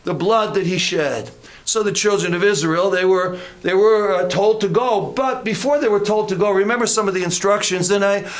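High-voiced man preaching a sermon. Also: a bit bright. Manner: deliberate, repetitive emphasis, folksy asides. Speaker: pastor.

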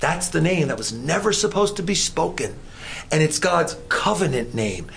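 A male pastor delivering a sermon in a lively, swooping voice. His tone is gravelly and a bit higher than most men's, shooting up when he asks questions. A faint hiss sits under the recording. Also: normal speed. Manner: animated preaching, rising high when voicing questions.

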